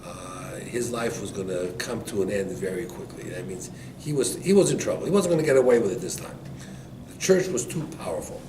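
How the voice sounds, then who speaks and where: A man, a rabbi, giving an animated storytelling Torah class to listeners. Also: on the low side, brisk. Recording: echoey room, distant mic, background noise.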